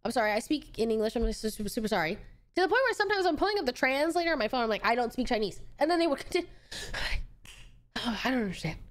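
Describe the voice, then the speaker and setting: Lively young woman streamer chatting. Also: a little high, fast talker. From United States. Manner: chatty, rambling, reads viewer messages aloud. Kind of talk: casual chat with viewers.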